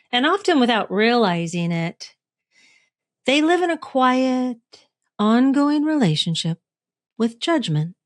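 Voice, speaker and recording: In a dry, studio-quality recording, a middle-aged podcast host and coach with a slightly high voice talks through a reflective solo show. Her style is chatty: she asks her audience questions and often chuckles at her own expense.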